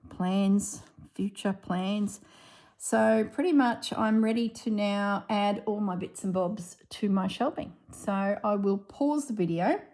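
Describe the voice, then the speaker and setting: A woman's voice: mid-range voice, a little mellow. A middle-aged woman, chatting casually and laughing as she tells a story during a crafting vlog. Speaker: crafting vlogger. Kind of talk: casual chat while crafting.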